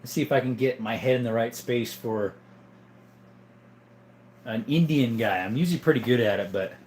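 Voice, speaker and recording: A man hosting a casual livestream, chatting in a relaxed, rambling way and answering viewers. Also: mid-range voice, moderate pace, a little hiss or hum. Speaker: livestream host.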